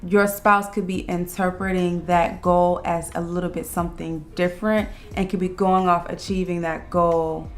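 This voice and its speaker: A woman's voice: lowish voice, flat delivery. Woman co-host, earnest advice-giver, explains step by step, faint music under the talk. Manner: earnest, explains step by step, slows down on key words. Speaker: co-host of a couples channel. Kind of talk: casual relationship advice chat.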